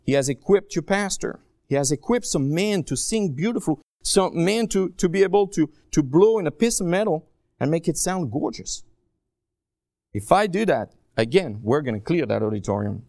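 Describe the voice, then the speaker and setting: A man preaching a sermon as a guest speaker, animated and joking, swinging between quiet low asides and raised emphatic cries. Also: normal speed, no echo, studio quality. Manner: joking, self-deprecating asides.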